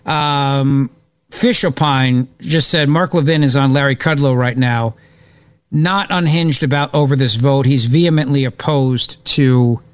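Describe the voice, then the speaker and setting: A man hosting live political talk radio, excitable and opinionated, rambling as he reacts to events. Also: medium pitch, no echo. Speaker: radio talk show host.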